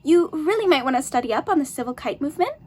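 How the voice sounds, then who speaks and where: A woman's voice: high voice, animated, fast talker, a little mellow. A woman playing a prim, self-righteous princess who lectures about her rights. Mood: indignant. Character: prim princess living with a beast, indignant.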